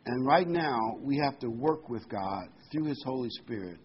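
A man's voice: medium pitch, animated, moderate pace, a little hiss or hum. A man preaching a sermon in a conversational teaching manner, reading scripture and adding asides. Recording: dull lo-fi recording.

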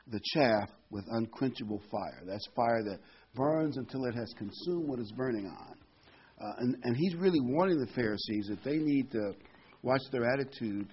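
A man's voice: mid-range voice, expressive, moderate pace, breathy edge, highs cut off. A man giving informal Bible teaching as a preacher, folksy, with corny jokes and frequent ums.

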